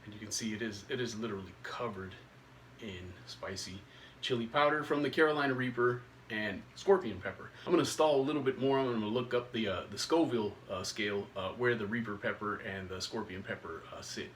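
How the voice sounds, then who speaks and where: A man hosting his own food review video in casual commentary, talking in a halting, hesitant way with many pauses. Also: fairly low pitch, a bit bright, recorded from a distance, slight background noise. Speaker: food reviewer and channel host.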